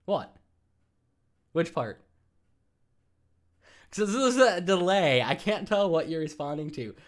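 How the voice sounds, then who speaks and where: A man's voice: a little high, sing-song, a little slow. A man hosting a live stream, chatting casually with viewers in a rambling, teasing way and laughing often.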